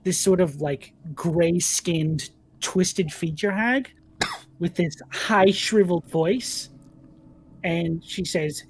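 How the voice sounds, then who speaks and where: A man acting as dungeon master, narrating a tabletop game in a relaxed, descriptive way and reading out game rules. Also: high-pitched, takes it slowly, slightly rough.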